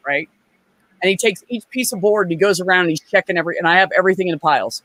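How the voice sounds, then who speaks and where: A woman telling profane, animated stories in a casual chat as a guest. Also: fairly low pitch, quick pace, dry recording.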